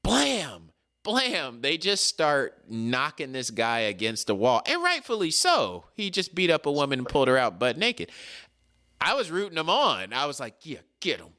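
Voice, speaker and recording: A man telling a story in a casual chat, animated and slangy, acting out the people in it. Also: mid-range voice, normal speed. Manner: animated, acts out the people in his stories. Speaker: podcast co-host.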